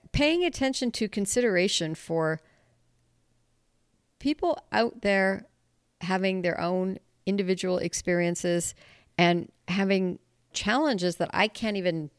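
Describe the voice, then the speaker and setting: Woman, podcast host, casual solo monologue, candid, animated, smooth voice, dry room. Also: medium pitch, dry recording. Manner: candid, animated, laughs often and swears.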